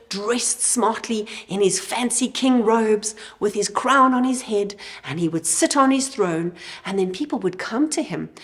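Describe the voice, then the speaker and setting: A woman teaching children at church, telling a Bible story expressively and dropping to a whisper for emphasis. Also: mid-range voice.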